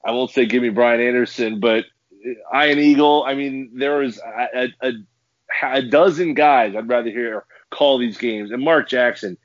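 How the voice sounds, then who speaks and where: A man's voice: mid-range voice, moderate pace, no echo. A man co-hosting a sports podcast, ranting angrily in heated casual talk, stumbling over restarts as he vents. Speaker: podcast co-host. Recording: dull dry lo-fi podcast audio.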